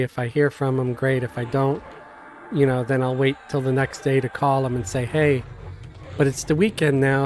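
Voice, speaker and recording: A man's voice: medium pitch, a little hiss or hum. Chatty New man streaming a game. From Queens, New York. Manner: halting, many fillers and restarts, animated. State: coughing now and then. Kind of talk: casual live-stream chat. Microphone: desk mic, sometimes knocked.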